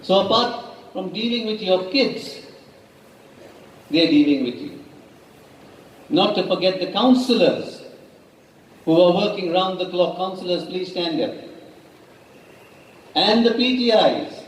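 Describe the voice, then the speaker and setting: A high-pitched man addresses parents as a school principal, slow and emphatic, firm and stern. His voice booms around a very echoey hall, picked up from far away with a faint hum of ambience. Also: animated. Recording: echoey hall heard from a distance.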